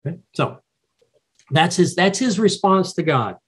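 A man teaching a Bible study in a reflective, explanatory, somewhat halting way. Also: high-pitched, expressive, fairly bright tone, slightly rough.

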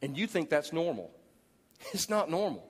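A man in his forties preaching a sermon as pastor, animated and jokey, acting out people he talks about. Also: fairly high pitch, normal speed, breathy edge. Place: large church auditorium. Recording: long hall reverb.

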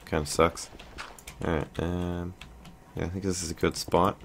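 A man's voice: low-pitched, level tone, normal speed, gravelly, a little hiss or hum. A young man hosting a let's play, thinking aloud in casual commentary with lots of fillers and restarts.

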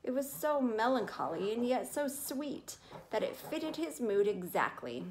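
A woman reading a children's chapter book aloud in a clear, steady storytelling manner. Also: fairly high pitch, unhurried, slight background noise. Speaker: reader.

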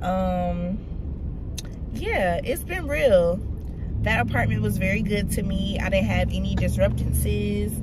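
A young woman chatting to her viewers in a casual vlog, calling them y'all, with a rough morning voice. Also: medium pitch, slow pace. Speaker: vlogger. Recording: distant phone mic with loud car and street noise.

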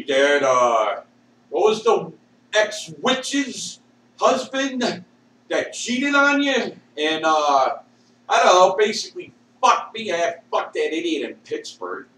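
A man rants at a slow, dragging pace and curses constantly, lurching from shouts to mutters with a fairly high voice that swings up and down. He sits well back from the mic in a bare, echoey room, and a faint hiss runs under everything. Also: big pitch swings, distant mic. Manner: swears constantly. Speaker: vlogger. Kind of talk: rambling profane rant. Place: at home with a dog.

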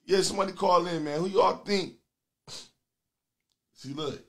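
A man's voice: high voice, a little slow, gravelly. Brash profane man hosting call-ins. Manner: loud, profane, taunting callers. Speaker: host of a comedy call-in show. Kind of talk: crude comedic call-in banter.

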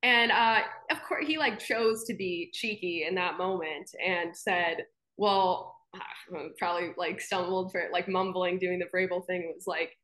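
A young woman who works as a sports anchor chats casually as an interview guest, sharing anecdotes with lots of laughter and fillers. Her voice is medium-pitched and a bit bright, and she speaks in an unhurried way.

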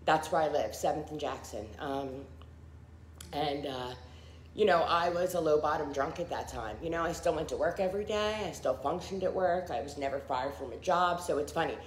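Woman, middle-aged, low voice, candid testimony, roomy echo, faint noise. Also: moderate pace. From Philadelphia area. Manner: candid, frequent fillers, acts out quoted people. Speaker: recovery testimony speaker. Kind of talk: personal testimony.

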